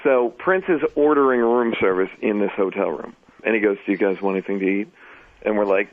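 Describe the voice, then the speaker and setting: A man's voice: fairly low pitch, normal speed, phone-quality sound. A man telling a chatty casual anecdote, full of fillers. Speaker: guest.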